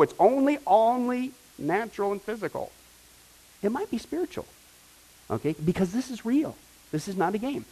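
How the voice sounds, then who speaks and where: A man preaching a sermon, telling a story with animated asides and frequent "right?" and "okay?" checks to the congregation. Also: fairly high pitch, poor audio. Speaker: pastor or Bible teacher. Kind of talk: sermon with anecdote.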